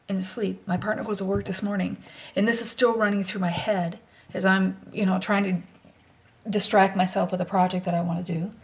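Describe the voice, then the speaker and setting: A middle-aged woman speaks straight to the camera in a personal vlog, her pitch sitting right in the middle of the range. She sounds anxious as she rambles along bluntly and swears without a second thought. Her voice often sinks into a soft whisper. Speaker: vlogger. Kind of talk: candid personal vlog monologue.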